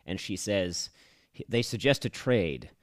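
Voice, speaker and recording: A man's voice: low voice, expressive, takes it slowly, no echo. A man playing a confused young therapy patient in an improvised comedy, talking earnestly and rambling. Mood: eager. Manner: earnest, rambling, laughs at himself. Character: confused young man copying an old spy actor. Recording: dry close studio sound.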